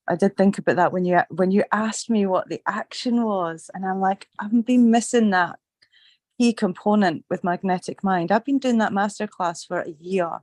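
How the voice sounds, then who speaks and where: A chatty, upbeat middle-aged woman with a Scottish accent that carries a slight Australian twang. She keeps her pitch fairly flat and even as she talks, and the recording is dry and close. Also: no room sound. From Scotland. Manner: chatty, upbeat, swears casually. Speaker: group call participant. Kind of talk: casual chat.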